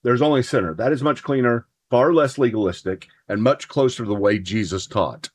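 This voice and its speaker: This podcast host has a medium-pitched, husky voice and talks briskly. He chats casually and earnestly about theology with his spouse, partly reading from notes and building to emphatic points.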